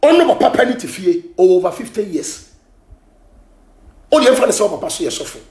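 A Ghanaian man hosting a gossip show, ranting and scolding in heated commentary, often shouting, switching between Twi and English. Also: high voice, very animated, a little fast, reverberant.

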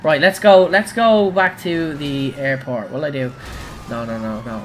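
A man, streaming a racing game live and talking to chat, excitable and crying out at crashes. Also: on the high side, a little slow, noisy background. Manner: excitable, cries out at crashes and wins. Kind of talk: live gameplay commentary.

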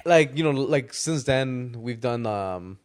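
A man co-hosting a podcast, telling a story in casual, animated chat full of swearing and "dude". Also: mid-range voice, takes it slowly, smooth. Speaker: podcast co-host.

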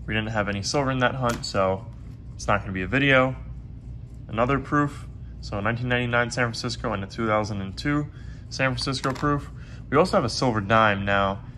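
A man hosting a casual coin roll hunting vlog, chatty and quick to get excited, who is losing his voice. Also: medium pitch, slight background noise. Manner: chatty, excitable when surprised. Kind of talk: casual hobby vlog narration.

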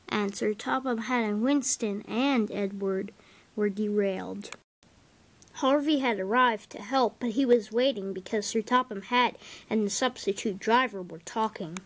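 A woman narrates a homemade toy train story slowly and plainly. Her voice sits somewhat high, and she takes her time between events.

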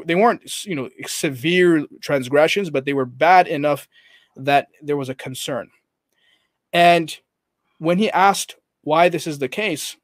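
A man's voice: fairly high pitch, dry recording. A man on a podcast as guest coach, animatedly retelling a story and quoting the people in it, with many fillers and restarts. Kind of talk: conversational storytelling.

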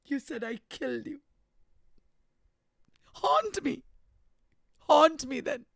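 A woman's voice: high voice, expressive, slow, gravelly, no echo, clean studio sound, pitched above the performer's own voice, full character voice. A woman with an Indian English accent reading the part of a tormented, grieving man in an impassioned dramatic reading. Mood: anguished.

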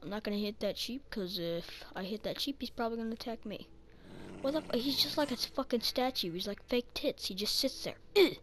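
Swearing often and muttering to herself at a slow pace, a gaming channel host provides casual commentary as she plays. Her fairly high-pitched voice comes with a little hiss or hum.

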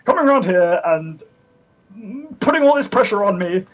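A man's voice: high-pitched, sing-song, moderate pace, rough recording. A man voicing a nervous, posh-talking male traveling actor who stammers and repeats himself. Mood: indignant.

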